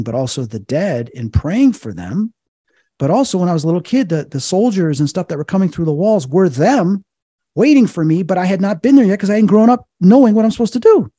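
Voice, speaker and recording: A middle-aged man, a psychic medium, telling animated stories in an interview and acting out the quoted voices. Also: fairly high pitch, slightly rough, dry recording, studio quality. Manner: acts out quoted voices, excited.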